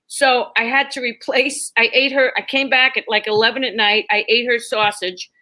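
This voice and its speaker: A woman's voice: fairly high pitch, normal speed. A woman comedian telling funny stories in a casual chat, laughing often and acting out other people's voices. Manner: animated, laughing, acts out voices in her stories. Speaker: comedian guest. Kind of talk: storytelling chat.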